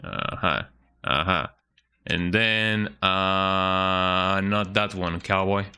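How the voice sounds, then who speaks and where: Speaking very slowly and steadily, this man has a low voice that's bright, forceful, clear, and resonant. In his casual game stream, he mutters while reading instructions aloud and regularly tags on "eh?".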